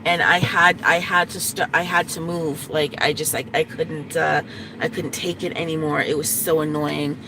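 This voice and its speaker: A woman vlogging from her car into a phone, talking in a rambling, halting way with many restarts. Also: low-pitched, steady tone, background noise. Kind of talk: casual vlog commentary. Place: inside a parked car.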